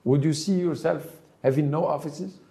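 A man conducting an interview, pressing his guest with pointed questions. His voice is mellow and somewhat higher than most men's, and he stops and repeats words as he goes. The sound carries a roomy echo. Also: fairly even intonation, creaky. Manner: halting, repeats words while probing.

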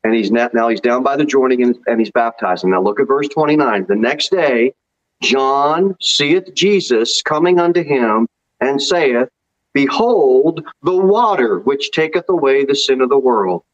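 A man's voice: mid-range voice, expressive, a little slow, highs cut off. A man preaching a sermon as pastor in a church, reading scripture aloud with emphasis.

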